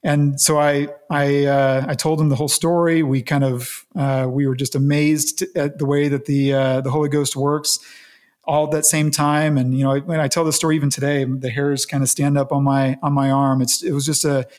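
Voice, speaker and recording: A man being interviewed, recounting a personal story in an earnest, reflective way with halting restarts. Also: on the high side, little pitch movement, a little mellow. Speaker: interview guest.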